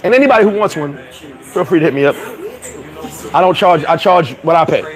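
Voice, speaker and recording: High-voiced man livestreaming in a crowd. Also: lively intonation, fairly quick, poor audio. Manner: laughing, slangy, giving shout-outs to viewers. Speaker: livestream host. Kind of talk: casual livestream chat with viewers. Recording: crowd chatter behind.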